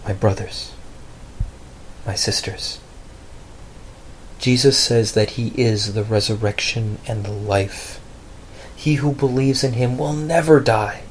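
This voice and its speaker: A man's voice: slow, pauses often, slight background noise. A male pastor telling a Bible story dramatically in a sermon. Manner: dramatic, expressive storytelling with big pitch swings.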